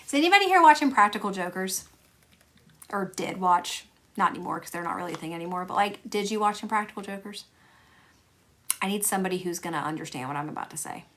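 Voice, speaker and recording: A woman's voice: medium pitch, expressive, fast, a bit bright, slight background noise. A young woman hosting a casual livestream, chatty and rambling, laughing often and talking to her viewers by name. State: tired. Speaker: livestream host selling stickers and stationery.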